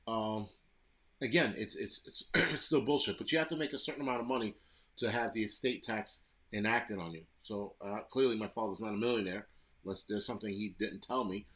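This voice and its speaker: A man's voice: on the low side, fairly bright tone. A man from the United States hosting a live stream, ranting bluntly and profanely while answering chat comments. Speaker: livestream host reading chat.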